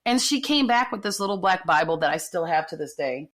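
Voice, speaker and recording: A woman's voice: on the low side, lively intonation, fairly quick, a bit bright. A woman telling a personal story on a podcast, in an earnest, emphatic way with repeated phrases.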